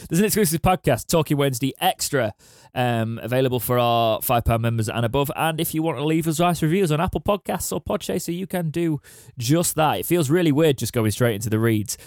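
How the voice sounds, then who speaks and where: A man's voice: fairly high pitch, lively intonation, brisk, darkish tone, no room sound. Bantering male podcast host, dry sound. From England. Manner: laughs easily, teasing banter. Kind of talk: casual chat.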